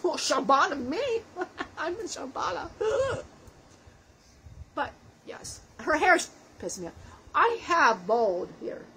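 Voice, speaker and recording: A woman's voice: high voice, sing-song, slow, long pauses, pushed and bright, a little hiss or hum, full character voice, low-quality recording. A woman channeling the spirit of a dead man in a session, talking in a profane, self-mocking way and laughing often. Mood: brash joking.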